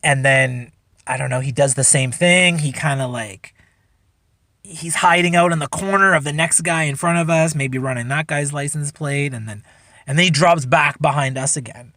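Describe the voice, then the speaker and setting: A man's voice: a little high, normal speed, bright, forceful tone, no echo. A man hosting a solo podcast, telling a story in a rambling, laid-back way, swearing freely. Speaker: podcast host. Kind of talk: casual storytelling.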